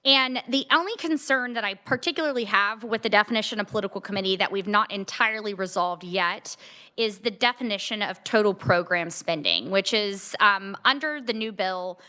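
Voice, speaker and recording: A woman testifying before a legislative committee, explaining policy in a measured way with frequent fillers. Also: mid-range voice, pushed and bright. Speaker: ethics commission staff testifying.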